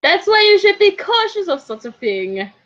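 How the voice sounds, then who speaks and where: A woman's voice: very high-pitched, big pitch swings, moderate pace, fairly bright tone. A woman co-streaming in casual chat, teasing and often stammering over her words. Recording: dull lo-fi stream audio.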